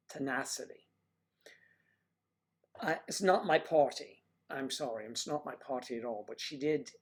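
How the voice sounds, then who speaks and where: A man's voice: mid-range voice, slightly rough. A man hosting a casual livestream, chatting to viewers in a playful, rambling way with teasing asides. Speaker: livestream host.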